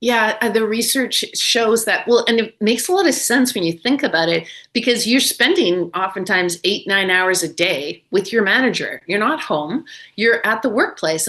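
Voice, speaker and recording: A middle-aged woman speaks in a webinar with an earnest, encouraging tone. She repeats key phrases to drive them home, and her voice sits at a middle pitch. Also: a bit bright. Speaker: neuroscience author and webinar speaker. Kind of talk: webinar talk.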